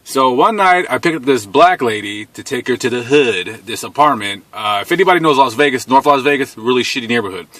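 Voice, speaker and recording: Man in his thirties for a casual, swearing storytelling monologue; lively delivery, dry close sound. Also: mid-range voice, brisk, hardly any pauses, no room sound. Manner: animated, blunt, laughs while telling. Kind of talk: casual profane storytelling to camera.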